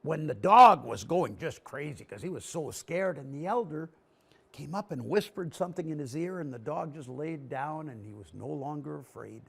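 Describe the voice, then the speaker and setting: Male storyteller, high-pitched and gravelly, performs for children. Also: moderate pace. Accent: Canadian English. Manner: animated, acts out scenes with gestures. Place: TV studio. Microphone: broadcast mic.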